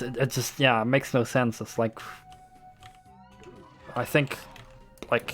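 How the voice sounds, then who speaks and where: Dutch guy streaming, rambly and sweary, medium pitch, faint game music and typing behind him. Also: a bit bright. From Netherlands. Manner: rambling and loose, heavy on "like", swears freely. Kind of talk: casual live-stream chat. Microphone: desktop USB microphone.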